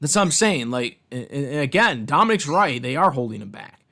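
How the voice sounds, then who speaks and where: On his channel, a wrestling commentator delivers an angry, profane rant about wrestling storylines, repeating himself for emphasis. His mid-range voice is sing-song, pushed and bright, and fairly quick.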